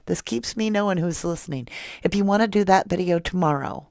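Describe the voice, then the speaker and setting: A woman hosts a live true crime stream, chatting casually and emotionally with viewers and reading their comments aloud. She speaks briskly and expressively in a fairly low voice with vocal fry, recorded cleanly in a studio without echo.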